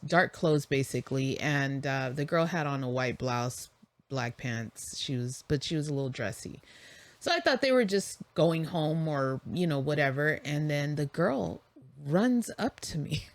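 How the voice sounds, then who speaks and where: Low-voiced woman telling a story. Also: a little slow, no room sound. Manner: animated, acts out quoted dialogue. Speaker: podcast co-host. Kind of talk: storytelling in casual chat.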